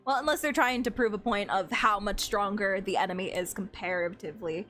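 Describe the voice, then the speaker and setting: A young woman streaming a game, reacting with giggles and excitement and reading the game text aloud. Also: medium pitch, fairly quick, soft background music.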